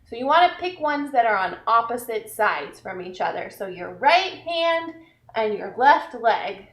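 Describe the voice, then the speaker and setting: High-voiced woman leading kids' story time. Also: a bit bright. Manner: slow, encouraging, talks directly to small children; playful, acts out animals. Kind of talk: pre-k story time with movement and songs.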